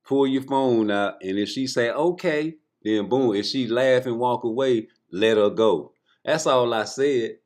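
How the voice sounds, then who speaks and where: A man's voice: mid-range voice, unhurried, darkish tone. Insistent man coaching in casual banter. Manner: coaching, insistent, repeats himself.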